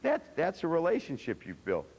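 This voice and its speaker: A man's voice: a little high, wildly swooping pitch, moderate pace, vocal fry, darkish tone, husky. A man lecturing as a football coach at a clinic, blunt and profane, acting out his players' voices. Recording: long reverb of a lecture hall.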